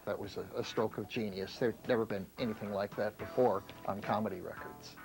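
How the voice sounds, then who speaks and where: Low-voiced man giving assured commentary. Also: steady tone, a little fast, music in the background, poor audio. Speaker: radio host, commentator. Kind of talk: interview commentary.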